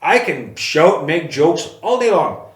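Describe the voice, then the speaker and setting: A man with a slightly high voice chats casually on a podcast. He rambles through stories and acts out the quotes with animation. The room gives him a noticeable echo. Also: big pitch swings, unhurried. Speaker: podcast co-host. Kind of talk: casual chat.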